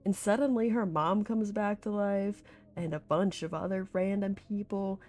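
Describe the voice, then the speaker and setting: A woman's voice: medium pitch, steady tone, a little slow, darkish tone, soft background music. A woman vlogger recapping a series in casual, rambling chat, full of filler words. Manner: chatty and rambling, full of "like", with laughs and swearing.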